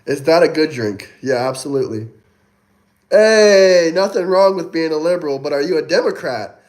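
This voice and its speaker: A man's voice: a little high, animated, moderate pace, a little mellow. Mocking young man hosting a livestream. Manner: mocking, taunting, swears. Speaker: livestream host reading chat. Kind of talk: casual livestream chat.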